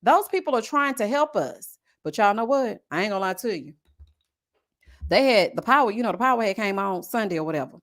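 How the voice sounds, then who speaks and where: A woman from Houston, hosting a livestream and telling stories in animated, slangy casual chat while reading super chats. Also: mid-range voice, brisk. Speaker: livestream host.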